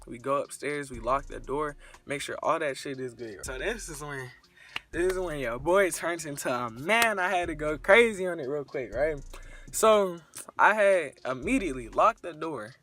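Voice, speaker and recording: A man's voice: a little high, moderate pace. Young man, crude slangy storytime. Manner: crude, slangy, animated retelling. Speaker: storyteller vlogger. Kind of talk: casual storytime.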